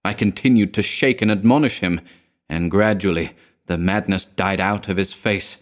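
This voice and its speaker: A man reading a horror story aloud in a measured, grave narrating manner. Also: sits low. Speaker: reader.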